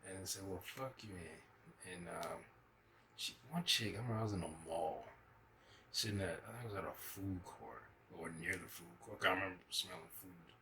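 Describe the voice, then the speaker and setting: A man's voice: low voice, brisk, sharp tone, a little hiss or hum, poor audio. A man hosting a reaction video, talking loosely and profanely as he laughs through stories. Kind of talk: casual reaction commentary.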